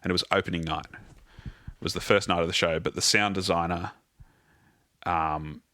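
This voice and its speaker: Deep-voiced man telling stories. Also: moderate pace, no room sound. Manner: animated anecdotal storyteller, casual swearing. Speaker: guest, theatre musical director. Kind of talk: casual interview storytelling.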